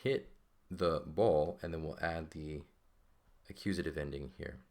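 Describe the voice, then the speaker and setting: Unhurried and rumbling low, a man teaches a classical Greek grammar lesson as a classroom lecture. He explains each step and keeps checking in with "right?".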